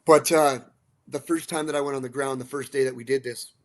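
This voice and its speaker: A man from central Alberta talking casually as a guest, animated and blunt, swearing now and then, restarting and repeating words. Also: mid-range voice, brisk. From central Alberta, Canada. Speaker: guest, musician and dog rescue advocate. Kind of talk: casual storytelling.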